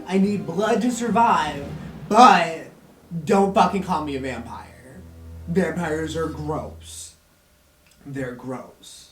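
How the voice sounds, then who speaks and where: A man's voice: a little high, lightly acted. A man voicing a brash, careless male immortal villain who talks in a flippant, sweary drawl. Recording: roomy echo from a distant mic, faint music.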